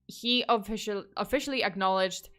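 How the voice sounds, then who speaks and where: A woman's voice: mid-range voice, normal speed, a bit bright. A woman telling a true crime case in a casual, chatty way, drifting into asides and frustrated outbursts.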